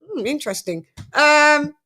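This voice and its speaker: This is a woman running a casual boxing livestream. Her voice is bright and crisp and sits somewhat high for a woman. She keeps things playful and chatty, teasing her co-host and greeting viewers. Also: lively intonation, a little slow. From United Kingdom. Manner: chatty, playful, laughs often, gives shout-outs to chat.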